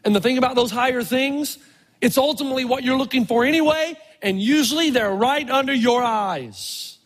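A middle-aged man preaching a storytelling sermon as a pastor, animated, dropping to a hush and then rising loud for emphasis. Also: extremely high pitch, moderate pace, breathy edge. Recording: long reverb in a large hall.

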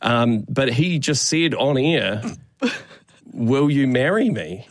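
A man's voice: mid-range voice, slow, dry recording. A man hosting radio, telling a story in a casual chat and acting out the voices of the people in it, speaking into a studio mic. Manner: animated, acts out quoted voices. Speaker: radio host. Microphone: studio microphone.

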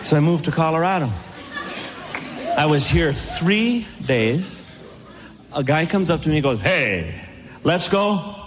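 Guy with a high voice doing standup, crowd laughing, noisy live recording. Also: expressive, measured pace, pauses often. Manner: shouting high-pitched voices for punchlines. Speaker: stand-up comedian. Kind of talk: stand-up routine. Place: comedy venue with live audience. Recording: live crowd noise and hiss. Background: audience laughter.

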